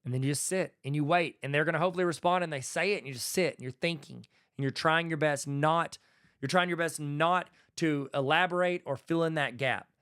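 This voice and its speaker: Guy chatting on his podcast, a bit high-pitched, folksy and easygoing, acts out little back-and-forths. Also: brisk, a bit bright, clean tone. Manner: folksy, conversational, acts out dialogue. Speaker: podcast host and educator. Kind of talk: casual solo podcast talk.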